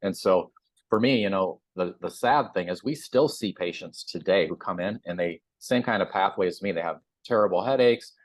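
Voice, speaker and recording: Deep-voiced man telling a lively story. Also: normal speed, no echo. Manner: animated storyteller, acts out quotes. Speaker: chiropractor guest. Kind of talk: casual sponsored interview.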